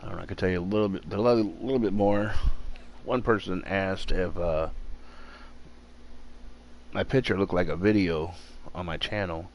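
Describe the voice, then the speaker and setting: Low-voiced man rambling while gaming. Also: fairly even intonation, slight background noise. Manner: rambling, halting, many fillers. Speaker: gaming streamer. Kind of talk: casual chat while gaming. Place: home room.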